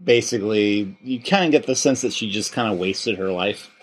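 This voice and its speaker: A man's voice: lowish voice, moderate pace, a little hiss or hum. A man hosting a casual chat, talking in loose rambling stretches with many restarts. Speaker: podcast host.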